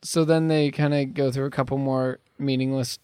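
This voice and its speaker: A man's voice: medium pitch, level tone, normal speed, darkish tone, smooth, dry recording, clean studio sound. A man co-hosting a podcast, giving a wry, joking recap of a movie in casual chat. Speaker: podcast co-host.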